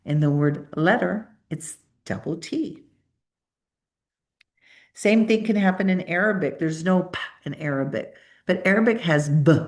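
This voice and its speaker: Middle-aged woman presenter, native Spanish speaker, low voice; coaxing, demonstrates sounds aloud. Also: moderate pace. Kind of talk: conference presentation.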